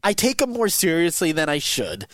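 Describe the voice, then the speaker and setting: A man's voice: on the high side, wildly swooping pitch, moderate pace, a bit bright, no echo. A man co-hosting a podcast in casual chat, laughing often and restarting his sentences with lots of fillers. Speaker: podcast co-host.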